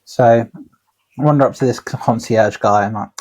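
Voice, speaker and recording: A husky-voiced man co-hosts a casual podcast, winding through long anecdotes with loose asides and the odd curse. His voice sits at a middling pitch with a slightly rough, breathy edge. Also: normal speed, darkish tone. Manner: rambling, sweary anecdotes. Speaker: podcast co-host, tattooer. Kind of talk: casual storytelling chat.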